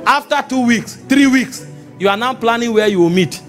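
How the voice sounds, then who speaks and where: A man with a Nigerian accent, preaching an animated sermon to a congregation, often rising to shouts. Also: very high-pitched, normal speed, faint music behind. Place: church meeting.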